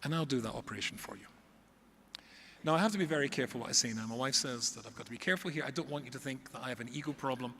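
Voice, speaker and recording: A man's voice: mid-range voice, rapid-fire, a little hiss or hum. A middle-aged man, a rabbi, telling stories to a live audience with comic exaggeration. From Scotland. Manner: animated storyteller with comic exaggeration. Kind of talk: storytelling talk to a live audience. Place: large hall. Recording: echoey hall with faint ambience.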